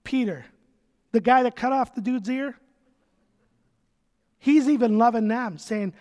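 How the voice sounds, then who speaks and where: A man with a strikingly high voice preaches to his church in a relaxed, talky way. He hammers points home by repeating them and breaks off for casual asides. His voice rings with the long reverb of a big hall. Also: measured pace, pauses often. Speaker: pastor. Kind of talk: conversational sermon.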